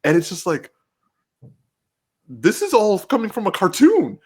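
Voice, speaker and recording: A man co-hosting a casual podcast, talking excitedly and emotionally with lots of restarts and swearing. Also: sits high, unhurried, breathy edge. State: getting teary-eyed. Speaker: podcast co-host.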